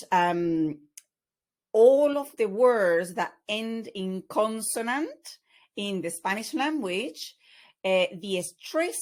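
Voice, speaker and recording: A woman teaching an online language lesson over slides, explaining patiently with many fillers. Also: medium pitch. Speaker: Spanish teacher.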